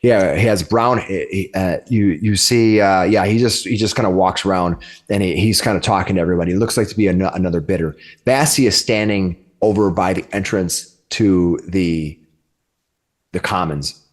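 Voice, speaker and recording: Guy running a tabletop game, lowish voice, keeps restarting lines. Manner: halting, many restarts while describing. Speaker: game master.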